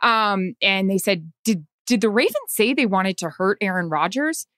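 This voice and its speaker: A woman's voice: mid-range voice, lively intonation, normal speed, a bit bright, no echo, clean studio sound. A woman, a sideline reporter, telling an anxious story in casual chat.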